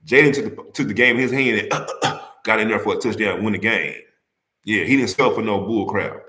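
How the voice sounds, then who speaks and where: A man runs a casual sports talk stream and argues with rival fans. His low voice has a forceful edge, and he repeats himself and keeps firing rhetorical questions. The room around him is echoey. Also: fairly quick. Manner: heated, repetitive, rhetorical questions to the audience. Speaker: sports talk livestream host.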